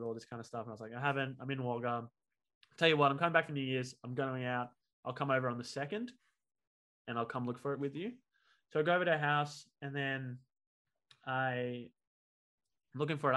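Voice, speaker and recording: A man, a comedian guest on a podcast, telling an animated story and acting out the voices of the people in it. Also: medium pitch, quick pace. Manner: animated, acts out quoted voices.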